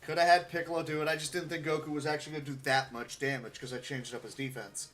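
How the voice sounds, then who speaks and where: Male speedrunner, a touch high-pitched, muttering dry asides over faint game music. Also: level tone, fast, a bit bright. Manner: muttered, wry asides to himself. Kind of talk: live gameplay commentary.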